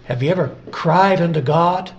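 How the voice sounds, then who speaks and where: A man preaching with a voice a little higher than most. He repeats scripture lines for weight, sinking to soft, slow phrases before climbing to loud, high-pitched emphasis. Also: dull audio, slight background noise. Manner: builds from quiet, drawn-out lines to loud, high emphatic peaks. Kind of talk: sermon.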